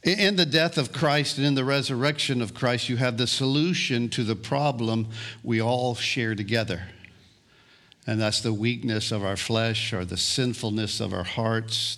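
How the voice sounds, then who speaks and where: A man preaching a sermon as pastor, deliberate and prone to repeating words as he restarts phrases. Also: medium pitch, a bit bright.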